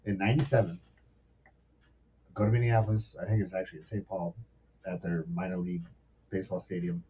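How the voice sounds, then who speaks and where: A man in his forties, a former sous chef appearing as a podcast guest, tells rambling, profane stories with animated energy. His voice is low and fairly quick. The distant mic gives a dull lo-fi sound with faint background noise.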